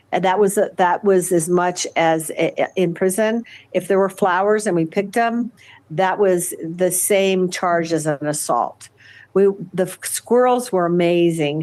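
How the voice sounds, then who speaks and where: An older woman speaks as an interview guest in a somewhat low voice. She talks haltingly, with frequent fillers and restarts as she recounts things. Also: a little mellow. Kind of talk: conversational interview.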